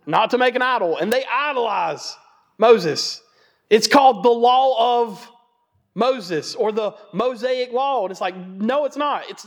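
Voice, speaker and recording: A man giving a Bible teaching sermon in a conversational, joking way, hammering points home by repeating them. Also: high voice. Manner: emphatic repetition.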